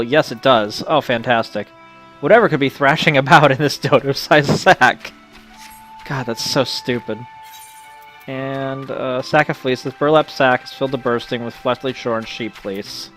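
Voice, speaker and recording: A man giving let's play commentary, wry and self-mocking with quiet mumbled asides. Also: medium pitch. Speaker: game commentator.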